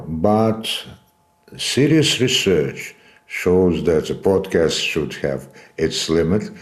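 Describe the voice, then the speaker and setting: A man hosting a podcast interview, speaking slowly and earnestly. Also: low voice, darkish tone. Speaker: podcast host.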